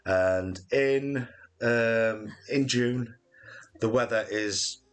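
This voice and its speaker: Soft music plays behind this extremely slow, mid-range male voice. He's a channel co-host in his late forties on a live Q&A stream, rambling along with jokes and plenty of fillers.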